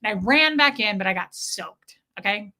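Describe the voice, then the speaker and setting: A woman's voice: medium pitch, expressive, moderate pace, bright, forceful tone. A woman hosting a casual podcast, telling a story with indignation, swearing freely and addressing her listeners. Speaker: podcast host.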